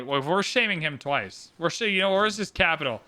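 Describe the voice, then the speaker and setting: A man commentating a live game stream, excitable and theatrical, swinging from shouts to mumbled asides. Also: fairly high pitch, moderate pace, hardly any pauses. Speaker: livestream host commentating an AI game tournament.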